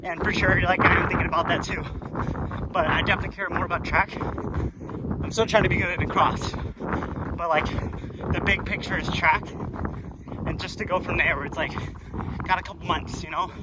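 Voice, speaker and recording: A man's voice: sits high, fairly even intonation, moderate pace, long pauses, heavy background noise. A young man rambling and swearing in a casual vlog while running, a little out of breath, outdoors on a hilly public trail. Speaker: vlogger.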